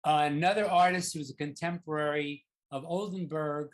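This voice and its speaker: A man's voice: a little high, steady tone, normal speed. A man giving an informal slide lecture on art, rambling and conversational with many fillers and restarts.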